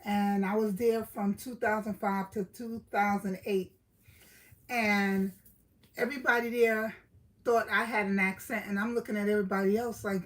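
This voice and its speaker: A woman's voice: medium pitch, fairly even intonation, a little slow, poor audio. A middle-aged woman from Brooklyn with a New York accent, chatting casually with live-stream viewers, greeting them by name and laughing often.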